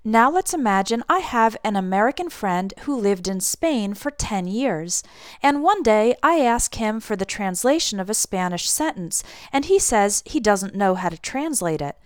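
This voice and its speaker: A woman explaining grammar in a clear, deliberate teaching voice, her pitch rising and falling in a lively way as she models intonation. Her voice sits at a middle pitch and sounds close and dry, with no room echo. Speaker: English teacher. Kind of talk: scripted language lesson.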